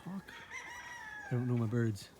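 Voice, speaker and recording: A man's voice: medium pitch, lively intonation, a little slow. A man chatting casually about his farm while walking the pasture and talking fondly to his chickens. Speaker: farmer and video host. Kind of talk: casual walk-and-talk vlog. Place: outdoors in a pasture. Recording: outdoor farm recording with noisy background. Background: chickens clucking and roosters crowing.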